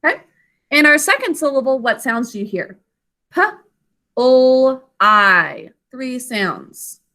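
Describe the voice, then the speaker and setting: A woman teacher leads a spelling and grammar lesson over a video call. Her voice sits high and bright. She speaks slowly and clearly, sounding out words and encouraging the class. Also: animated.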